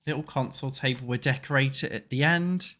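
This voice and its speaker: A man's voice: mid-range voice, brisk, sharp tone. A man with a stuffy, congested voice from a cold chats loosely with his live viewers at his desk. He swears freely and teases the chat. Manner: crude, swearing, joking with chat. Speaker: streamer. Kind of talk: casual livestream chat while playing.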